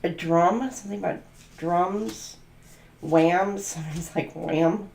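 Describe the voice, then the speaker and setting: A woman's voice: fairly low pitch, moderate pace, darkish tone, roomy sound. A woman doing a channeled tarot reading, musing aloud and free-associating letters, numbers and words. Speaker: tarot reader.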